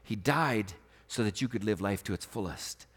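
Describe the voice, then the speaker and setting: A man preaching a sermon as pastor, earnest, swinging between emphatic raised passages and quiet, softly spoken stretches. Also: on the low side, expressive, moderate pace, breathy edge. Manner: earnest preaching, rising to emphatic bursts then dropping soft.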